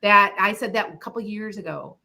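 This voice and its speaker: A middle-aged woman hosts an internet radio show about her psychic predictions. Her voice is bright and clear, and she talks in a chatty, rambling way, laughing often as she goes. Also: mid-range voice, fairly quick. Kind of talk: casual chat about predictions.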